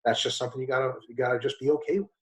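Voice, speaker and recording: On a low-quality recording, a man fields interview questions as a guest expert, blunt and emphatic, cursing casually along the way. His intonation is fairly even overall, though he talks fast and his pitch jumps suddenly.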